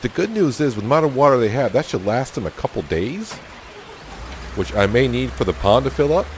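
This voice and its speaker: A man hosting a casual let's-play, talking through his farm chores in an easygoing, self-deprecating way and thinking out loud. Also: medium pitch, very animated, fairly quick, slight background noise. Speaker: gaming channel host.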